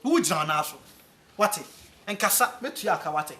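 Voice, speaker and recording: An actress with a Ghanaian accent, playing an excitable young woman in a comedy-drama, lively and pleading. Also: on the low side, moderate pace, slight background noise. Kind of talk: comic TV drama acting. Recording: echoey room.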